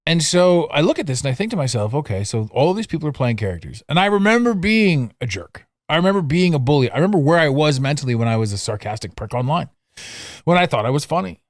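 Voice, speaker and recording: A middle-aged man hosting a solo podcast, chatting casually and mocking himself, with sudden loud bursts and low asides. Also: fast talker, no echo, studio quality. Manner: animated, swings between loud outbursts and low asides; self-mocking, laughs at himself. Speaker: podcast host. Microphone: studio mic, audio only.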